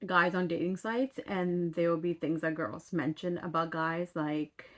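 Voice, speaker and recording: A woman's voice: fairly low pitch, fairly even intonation, measured pace, a bit bright. A young woman from western Canada chatting casually to camera, rambling and full of fillers and asides. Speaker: vlogger. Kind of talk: casual chat.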